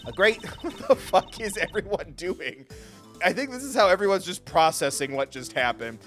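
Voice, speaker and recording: A man's voice: high-pitched, animated, moderate pace, fairly bright tone, soft background music. A man streaming a game live, commenting in a casual, jokey way. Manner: jokey and reactive, swears casually.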